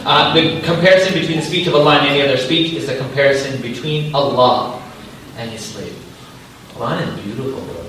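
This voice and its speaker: A young man giving a casual, joking Islamic talk to students, slangy and animated. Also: mid-range voice, brisk, slight background noise. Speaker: Islamic speaker. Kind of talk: informal lecture to students. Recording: echoey hall from far off.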